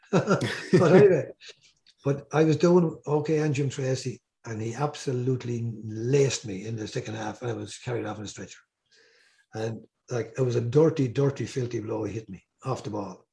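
An older Irish man telling rambling, animated stories as a guest on a casual podcast. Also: mid-range voice. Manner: rambling, animated anecdotes with repeated words.

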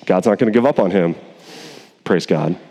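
A male pastor preaching a sermon in a casual, animated way, acting out the characters in quick voices. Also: sits low, big-room sound.

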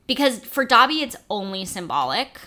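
A woman's voice: fairly high pitch, big pitch swings, sharp tone. A woman co-hosting a podcast in casual chat, emphatic and sassy with lots of filler likes. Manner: emphatic, sassy, talks fast with many likes. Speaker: podcast co-host.

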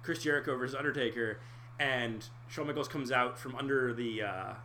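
A man's voice: mid-range voice, moderate pace, bright, forceful tone, a little hiss or hum. A man in a casual podcast chat who explains things in a rambling way, full of restarts, and swears casually.

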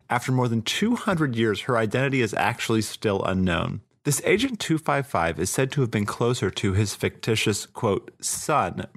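Low-voiced guy cohosting a podcast, rambly and swears a lot. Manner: loose, profane storytelling with fillers. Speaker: podcast co-host. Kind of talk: casual history podcast chat.

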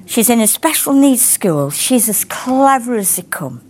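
A woman's voice: a little high, sing-song, a little slow, a little mellow. A middle-aged woman, giving a rambling, heartfelt testimony and prayer to a ministry class. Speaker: ministry teacher.

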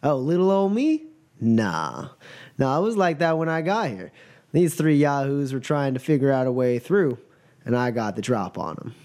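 A man's voice: mid-range voice, big pitch swings, moderate pace, a little mellow. A man voicing a menacing male outlaw in a tabletop game, with a folksy drawl and mock-friendly threats.

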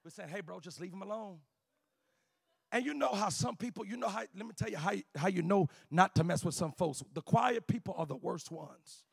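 With an "uh" ahead of every phrase, a male preacher chants and shouts his sermon, at times easing into quiet storytelling. He has a high-pitched, expressive, gravelly and slightly rough voice, speaking fairly quickly with hardly any pauses in a dry recording.

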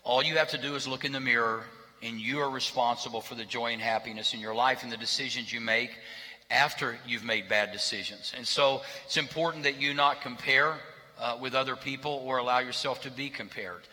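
A man's voice: medium pitch, fairly even intonation, brisk, sharp tone. A male pastor giving a sermon in a conversational, joking manner in a church sanctuary. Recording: reverberant hall.

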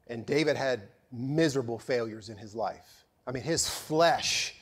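A male pastor preaching a sermon in a storytelling manner, with a touch of sarcasm, moving from loud to hushed. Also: mid-range voice, measured pace, slightly rough.

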